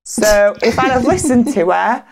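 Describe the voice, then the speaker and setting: A woman's voice: fairly high pitch, lively intonation, a little slow, slight background noise. A woman, a podcast co-host telling a candid, funny personal story in casual chat. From England.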